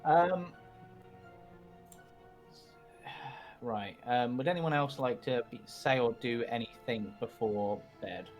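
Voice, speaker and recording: A man's voice: mid-range voice, a little slow. Guy gm-ing a tabletop game, chill, lots of ums, some music in back. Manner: relaxed, chuckling, lots of ums. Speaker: game master.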